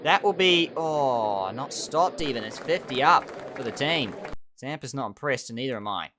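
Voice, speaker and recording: A young man giving excitable, animated play-by-play commentary over a cricket management game. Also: mid-range voice, moderate pace, background noise. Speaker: gaming channel host.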